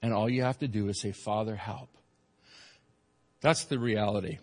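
A man's voice: fairly low pitch, quick pace, a little mellow. Emphatic male pastor preaching in a hall. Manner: earnest, emphatic preaching with repeated phrases. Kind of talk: sermon. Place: church sanctuary.

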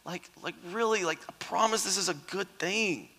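A lively man preaches a sermon, voice higher than most and sharply bright. He chats with the crowd and slips into characters for quotes. The sound rings with long reverb from a big hall. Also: a little slow, slightly rough. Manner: animated, conversational, acts out quotes.

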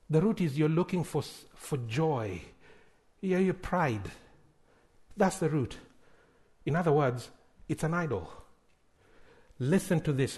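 Animated male preacher, high lively voice. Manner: animated, shifts between loud bursts and quiet asides; acts out quoted people in raised voices. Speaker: guest pastor. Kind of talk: sermon.

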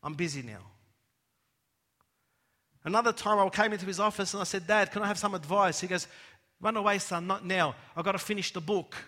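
A man preaching a sermon, dropping to hushed tones and rising to loud emphatic cries. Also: sits high, brisk, long pauses. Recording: long hall reverb.

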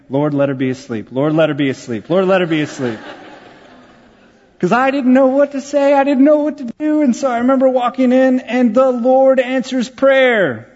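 A man's voice: fairly high pitch, a little mellow, in a large hall, lo-fi sound. A man, a pastor telling a personal story in a conversational, self-deprecating sermon. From Texas, USA.

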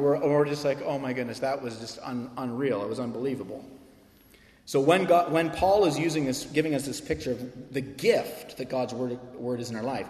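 Male pastor, animated sermon delivery, slightly high voice; roomy reverberant hall. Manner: animated storytelling preacher, acts out quoted voices. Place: church sanctuary. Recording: echoey hall with long reverb.

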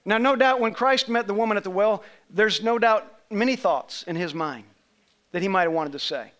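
A man's voice: high voice, moderate pace, a bit bright. A man preaching a sermon, telling a personal story in a conversational way and checking details with people in the congregation. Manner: conversational storytelling, asks congregation members questions. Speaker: pastor.

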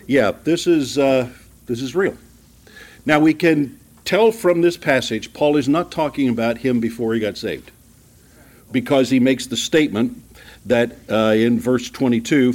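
Pastor guy doing a bible study, takes his time, reads verses slow then chats about them. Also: medium pitch, darkish tone. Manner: conversational teaching, slows down for scripture reading, small asides and chuckles. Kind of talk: sermon, verse-by-verse Bible teaching. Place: church room with a group.

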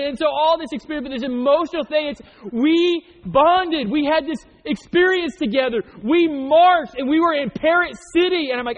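A high-pitched man preaching from the pulpit, easygoing and chatty, slipping stories and jokes into the sermon. His voice rings with a long reverb in a large church, and the sound is a bit muffled. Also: moderate pace, hardly any pauses. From Oklahoma. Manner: conversational storytelling with jokes. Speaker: pastor.

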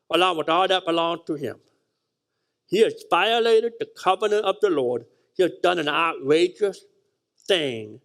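High-voiced preacher man. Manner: preaching with emphatic rises and drops, reading scripture aloud; repeats words when stressing a point. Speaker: pastor. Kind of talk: sermon.

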